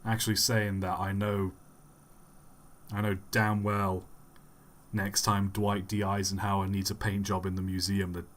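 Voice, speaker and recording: A man gives casual live-stream commentary in a wry, rambling way, chuckling now and then. He talks very slowly in a lowish voice. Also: level tone, slight background noise.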